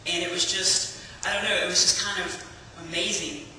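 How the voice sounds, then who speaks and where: High-voiced man in an echoing hall. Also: steady tone, normal speed, bright, forceful tone, a little hiss or hum. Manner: storytelling, chatty, with many fillers. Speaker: church testimony speaker. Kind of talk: personal testimony to a congregation. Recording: echoey hall from far off.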